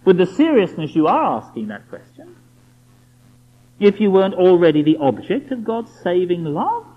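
A man's voice: sits high, big pitch swings, normal speed. A man preaching a sermon, emphatic and full of rhetorical questions aimed at the listener. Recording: dull lo-fi recording.

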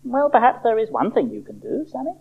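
A preacher voicing a kindly, fatherly male doctor who speaks gravely and reassuringly. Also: medium pitch, sing-song, brisk, voice pushed up. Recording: dull lo-fi recording.

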